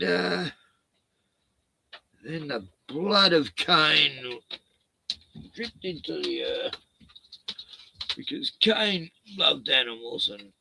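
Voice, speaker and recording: A man's voice: mid-range voice, vocal fry, noisy background. A man telling a story casually, profane and rambling, laughing at his own jokes.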